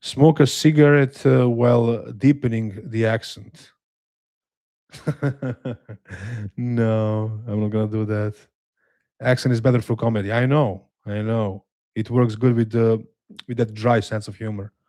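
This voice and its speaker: A man with a Slavic accent hosting a live watch-along stream, reading chat aloud and answering in a relaxed, hesitant, self-deprecating way with dry humor. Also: on the low side, measured pace, pauses often, no echo. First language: a Slavic language. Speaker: livestream host reading chat.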